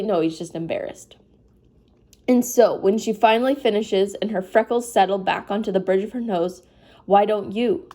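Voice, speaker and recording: Reading a novel aloud, a drowsy woman with a mid-range, dark-toned voice yawns as she goes. She keeps it casual, stopping occasionally to apologize or make comments.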